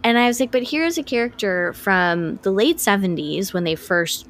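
Slight background noise sits behind a woman co-hosting a podcast in a casual chat. Her medium-pitched voice is animated and moderately paced, and she rambles eagerly with plenty of restarts and fillers.

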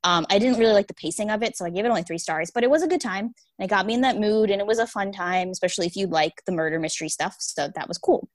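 A woman co-hosting a podcast, giving a relaxed casual rundown with many ums. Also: medium pitch, rapid-fire, hardly any pauses, no echo. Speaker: podcast co-host. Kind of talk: casual chat.

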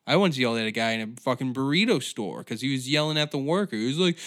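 A man's voice: mid-range voice, animated, quick pace, hardly any pauses, a bit bright. Profane, rambling male podcast host. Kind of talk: solo comedic rant.

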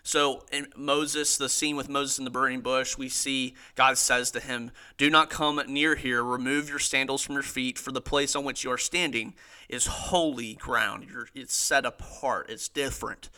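Earnest, bright-voiced man teaching Scripture. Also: medium pitch, fairly even intonation, moderate pace, clean tone. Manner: earnest, reads quotes aloud with emphasis, frequent restarts. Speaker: podcast host teaching theology. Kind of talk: casual Bible teaching.

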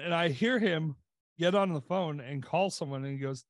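A man's voice: on the high side, measured pace, no room sound, studio quality. A man co-hosting a podcast, telling a story in casual chat with lots of "like" fillers. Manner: rambling storyteller, many "like" fillers. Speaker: podcast co-host.

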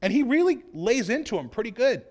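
A man delivers a sermon with a high-pitched voice. He speaks earnestly and builds emphasis as he drives each point home, often slipping into the voices of the people in his story. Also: big pitch swings, brisk, a little mellow. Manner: earnest, acts out quoted voices, rising emphasis. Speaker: preacher.

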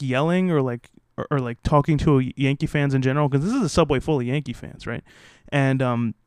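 A man's voice: fairly high pitch, smooth, no room sound, studio quality. A young man co-hosting a podcast, telling rambling stories in casual chat with lots of fillers. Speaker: podcast co-host.

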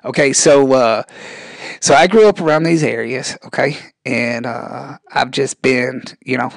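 A rambling, touchy redneck with a thick drawl, as a man puts him on. His voice sits at an ordinary middle pitch and is recorded dry and close, with no room sound at all. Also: unhurried, creaky, dry recording. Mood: defensive. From rural Arkansas. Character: scrawny rural Southern man, rambling, touchy. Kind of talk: comedic character interview.

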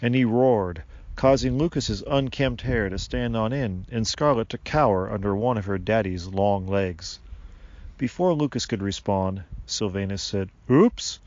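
Man calmly narrating a storybook. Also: lowish voice, a little slow, muffled recording.

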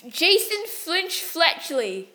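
A woman's voice: extremely high pitch, big pitch swings, very slow, sharp tone, slight background noise. A young woman co-hosting a casual book chat, giggly and playful as she recites verse. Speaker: book podcast co-host.

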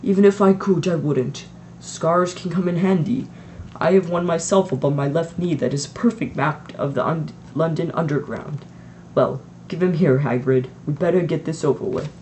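A teenage reader voicing a wise, calm elderly male wizard headmaster in an amateur audiobook, speaking in measured explanations. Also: medium pitch, a little hiss or hum, close to an everyday voice.

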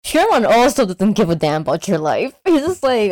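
A woman in casual chat, animated and joking, acting out monster scenes in high voices. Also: a little fast, no echo.

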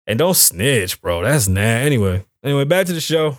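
Middle-aged guy w ranting a story on his podcast, cussing a lot, kinda high voice. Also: a little fast, few pauses, very noisy. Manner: profane, boastful, mimics others mid-story. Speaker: podcast host. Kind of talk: animated storytelling rant.

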